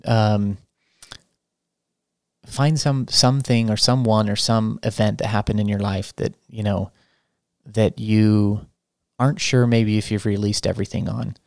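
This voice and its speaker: A man hosting a spiritual podcast, talking in a soft, reflective way with many restarts. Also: fairly low pitch, steady tone, measured pace, gravelly, long pauses, no echo, clean studio sound. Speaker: podcast host. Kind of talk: spiritual teaching talk.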